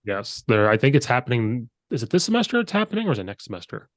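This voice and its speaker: A man's voice: medium pitch, sing-song, quick pace, dry recording. Dry-sounding male podcast host. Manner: storyteller who acts out dialogue. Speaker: podcast host and high school coach. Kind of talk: casual chat.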